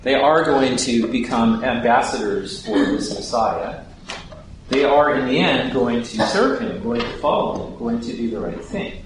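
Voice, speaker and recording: A man delivers sermon-style Bible teaching at a mid-range pitch and keeps asking questions of his listeners. His voice comes from well away from the microphone. It rings in a heavily echoing hall with steady background noise underneath. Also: measured pace. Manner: poses questions to the audience. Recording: very echoey hall, distant mic, background noise.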